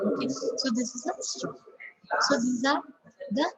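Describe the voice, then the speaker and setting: Her voice is high-pitched and a little slow as she teaches an online English class with an Indian English accent. She keeps repeating example sentences and says "okay" often, while the video call recording picks up background noise and crowd chatter.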